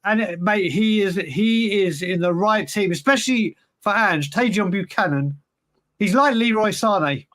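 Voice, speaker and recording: Guy, highish voice, rambling football opinions, lots of "mate". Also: expressive, moderate pace, a bit bright. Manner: rambling, restarts, emphatic opinions. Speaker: podcast co-host. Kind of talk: casual football chat.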